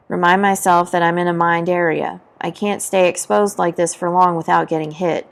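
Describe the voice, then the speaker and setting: A woman with a lowish, gravelly voice reads a war novel aloud in a book talk. She leans into the drama and voices the booms and gunfire herself. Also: level tone, moderate pace, few pauses. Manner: dramatic reading, voicing battle sound effects.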